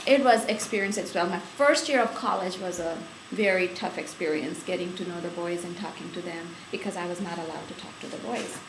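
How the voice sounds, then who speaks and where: Woman interviewee, lively laughing storyteller, echoey recording with light hiss. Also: fairly low pitch, a little fast, few pauses. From India. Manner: chatty, laughing storyteller with many fillers. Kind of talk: oral history storytelling.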